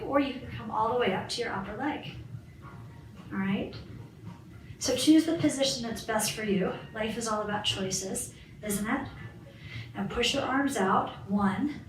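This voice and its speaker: A woman's voice: on the high side, normal speed. A woman fitness instructor leading a guided balance and stretching class, cueing moves and counting reps in an encouraging way. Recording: roomy, far from the mic, faint background hiss.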